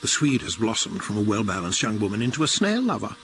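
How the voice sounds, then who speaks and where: An actor playing a sociopathic older academic father in a radio comedy, dry and deadpan. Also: on the low side, quick pace, slight background noise.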